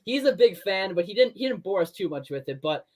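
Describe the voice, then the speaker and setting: A young man, a former college basketball player, chatting as a guest in a relaxed way with many fillers. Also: high voice, fairly quick. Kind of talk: casual interview chat.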